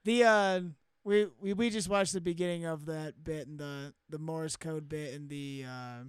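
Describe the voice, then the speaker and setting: Brief: young male comic, high clean voice, relaxed and easily amused, dry close mic. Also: clear, resonant tone, no echo. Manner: laid-back, trailing off, quick to laugh. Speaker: comedy podcast co-host. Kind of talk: casual chat.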